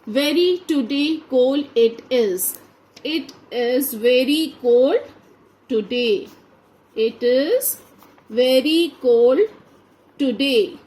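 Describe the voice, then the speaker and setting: A woman teacher gives a grammar lesson in a high voice. She reads each example sentence deliberately and at an unhurried pace. Then she names what kind of sentence it is. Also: a little mellow, rough recording. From India. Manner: slow, deliberate, spells out each answer. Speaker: school teacher. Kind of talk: grammar lesson read aloud to a class.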